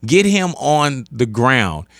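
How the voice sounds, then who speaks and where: A man's voice: mid-range voice, very animated, slow pace, fairly bright tone, no room sound, clean studio sound. A man hosting a radio interview, asking questions in a joking, playful way. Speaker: radio show host. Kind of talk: casual chat interview.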